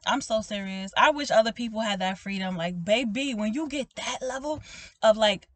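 A woman preaching informally to her online viewers, animated and emphatic, often asking "okay?" and calling them "baby", with frequent laughs. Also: a little high, normal speed, a little hiss or hum. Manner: laughs often, swinging between loud exclaiming and soft talk. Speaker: prophetic minister speaking to online viewers.

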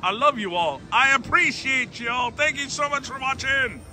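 A man giving excited running commentary on his slot machine spins, often exclaiming and speaking straight to his viewers. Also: very high voice, normal speed. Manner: exclamatory, keeps saying "oh, Lord" and "everybody". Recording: casino with slot machine music behind. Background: slot machine music.

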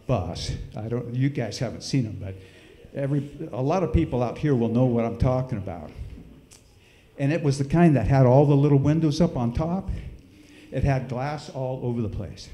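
A man's voice: mid-range voice, normal speed. Man telling a story in an echoey church. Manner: folksy, animated storytelling with sound effects. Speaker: speaker at a church service. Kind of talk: storytelling in a sermon. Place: church hall.

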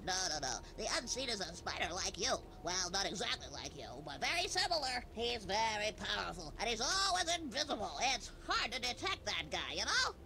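A man's voice: sits high, sing-song, fairly quick, few pauses, pushed and bright, a little hiss or hum, exaggerated voice, low-quality recording. A man voicing a cowardly, fawning male goblin who stammers and pleads. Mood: chatty.

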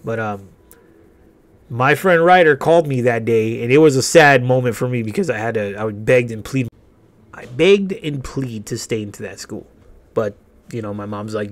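A man's voice: medium pitch, expressive, moderate pace. A young man casually telling a rambling, profane story while playing a life-sim game, laughing between sentences. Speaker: gaming channel host. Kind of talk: casual storytelling over gameplay.

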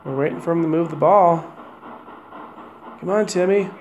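A man investigating the paranormal, gently coaxing and questioning unseen spirits inside a hotel room. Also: on the high side, moderate pace, muffled recording, slight background noise. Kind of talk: ghost box session, questioning spirits.

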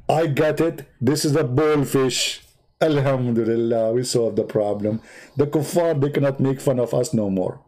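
Mocking, mellow-voiced man talking to viewers. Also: mid-range voice, unhurried. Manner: mocking, rhetorical questions to the viewer; rambling, with restarts and asides. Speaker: channel host. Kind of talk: sarcastic commentary while drawing.

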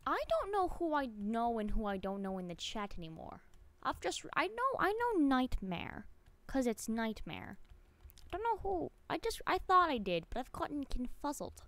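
A woman livestreaming a game, chatting with viewers in an excitable way and often laughing at herself. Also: sits high, moderate pace, no echo. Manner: chats to viewers while playing. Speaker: streamer. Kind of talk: live game stream chat.

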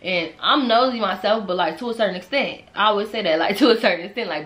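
Bright-voiced young woman telling a storytime. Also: medium pitch, quick pace, few pauses. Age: young adult. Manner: animated, laughing, swearing freely; talks straight to viewers. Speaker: storytime vlogger. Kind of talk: casual storytime.

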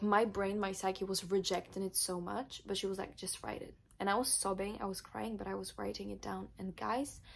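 A woman's voice: medium pitch, creaky, slightly rough. A young woman, not a native English speaker, telling an emotional personal story in her vlog, with many filler words. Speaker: vlogger.

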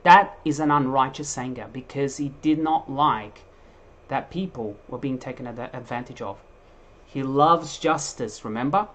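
Preaching with real fire, a man lets his voice swell loud on key points and then drop low, speaking a little slowly. He stumbles and restarts while working through scripture, so the emphatic, animated sermon feels spontaneous rather than read.

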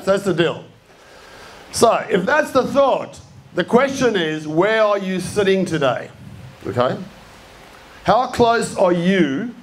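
A man's voice: fairly high pitch, slight background noise. An Australian man giving a live talk to an audience, casual and blunt, swearing freely and quizzing the crowd. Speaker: speaker at a creative talk. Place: event room with a live audience.

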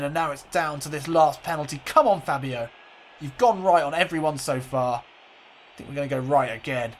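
A man's voice: a little high, normal speed, slight background noise. Man doing mock football commentary. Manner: mock football commentary, swings from excited to glum. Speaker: let's play host. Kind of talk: game commentary.

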